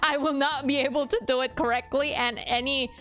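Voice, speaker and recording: Woman streamer, kinda high voice, chatty and giggly, swears a lot, geeks out on languages. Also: steady tone, fairly quick, a bit bright, faint music behind. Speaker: game streamer. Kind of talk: casual live gaming commentary.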